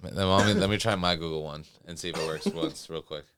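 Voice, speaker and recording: A man's voice: low voice, a little fast. Goofy man chatting on a noisy podcast. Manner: goofy, hums and sings nonsense tunes. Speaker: podcast co-host. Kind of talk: casual chat.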